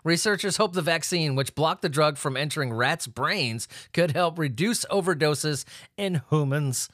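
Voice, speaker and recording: A man's voice: a little high, moderate pace, fairly bright tone, no room sound, studio quality. A man hosting a comedic news commentary, swearing, laughing and making sarcastic asides. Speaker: host.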